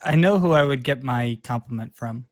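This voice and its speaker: A woman's voice: very deep voice, normal speed, darkish tone, dry recording, studio quality. A woman in a casual chat, upbeat but unsure of her answers.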